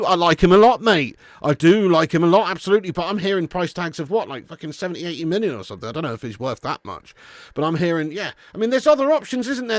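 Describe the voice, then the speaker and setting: A man's voice: sits high, no room sound, studio quality. A young man hosting a live football fan stream, ranting fiery and laughing with lots of swearing. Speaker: football fan channel host.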